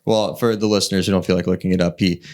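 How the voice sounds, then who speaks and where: A man co-hosts a podcast in casual conversation, rambling with plenty of fillers and restarts. His deep voice is steady and a little mellow, and he speaks rapid-fire.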